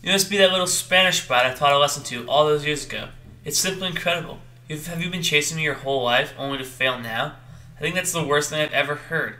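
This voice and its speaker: A man playing a mocking villain count in an amateur skit, with a very bright, sharp tone. His delivery is sneering and sits slightly high in pitch. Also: fast talker.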